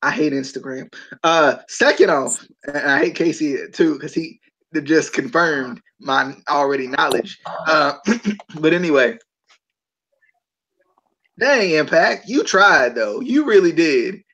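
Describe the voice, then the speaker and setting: A man hosting a podcast in a casual chat, animated and given to incredulous outbursts. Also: a little high, unhurried. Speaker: podcast host. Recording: dull lo-fi mic.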